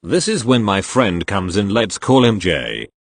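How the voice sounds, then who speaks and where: A man's voice: lowish voice, very animated, a little slow, no echo. A man reading online stories aloud, spelling out abbreviations letter by letter. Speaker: narrator reading online posts.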